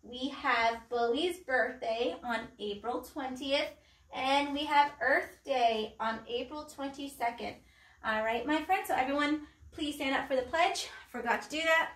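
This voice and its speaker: A woman teaching a pre-K class from home, speaking slowly and clearly, with an encouraging manner and simple songs. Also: high voice, a bit bright, distant mic. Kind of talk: remote circle-time lesson. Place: room at home. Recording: echoey room, voice away from the mic.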